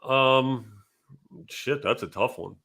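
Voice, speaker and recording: A man chatting casually on a podcast and telling animated stories, with a father's everyday voice. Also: medium pitch, slow pace, gravelly. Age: adult with a child. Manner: animated storytelling, acts out strangers' lines. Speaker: co-host reading super chats.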